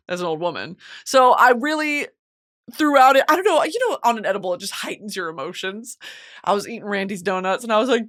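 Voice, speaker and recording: Lively, animated young woman. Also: medium pitch, a little fast. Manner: animated, expressive, swears freely. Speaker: podcast host. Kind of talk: casual chat.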